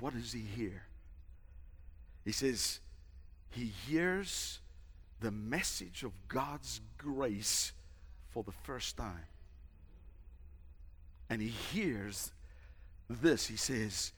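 A male pastor preaching a sermon, emphatic and dramatic, shouting at the peaks. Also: medium pitch, expressive, drawn-out words, long pauses, breathy edge. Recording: long hall reverb.

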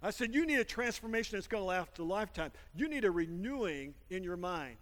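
High-voiced preacher in a reverberant church. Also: male voice, animated, fairly quick. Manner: storytelling preacher, calls for amens, builds to loud praise. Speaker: pastor. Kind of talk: sermon. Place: church sanctuary. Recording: long reverb in a church hall with music.

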